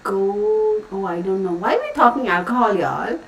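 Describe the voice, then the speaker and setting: Reading viewers' comments on her casual tarot livestream, a woman chats and rambles in a very animated, medium-pitched voice at a moderate pace. She sits far from the mic, and the echoey room carries a faint hum of noise.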